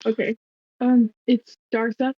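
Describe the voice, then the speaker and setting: A woman's voice: on the high side, flat delivery, unhurried. Woman player, hesitant and casual. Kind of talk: casual tabletop play. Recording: dull lo-fi dry mic.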